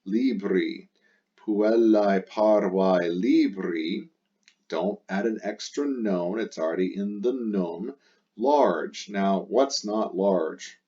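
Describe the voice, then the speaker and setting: Using a very low, warm voice at a slow pace, a male Latin teacher patiently explains a language exercise one step at a time, returning repeatedly to the key words. The audio is dull and lo-fi, like a basic recording made at home.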